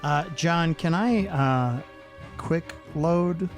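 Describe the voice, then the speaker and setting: A man's voice: on the high side, drawn-out words, loud music behind the voice. A man playing in a tabletop game, joking in a laid-back way with the game master. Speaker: player. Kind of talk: casual chat at a game table.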